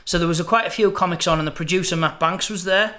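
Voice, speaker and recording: A man's voice: sits high, fast talker, pushed and bright. A man, a comedian chatting as a guest, full of fillers and restarts. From Hartlepool, England. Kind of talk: casual chat, anecdotes.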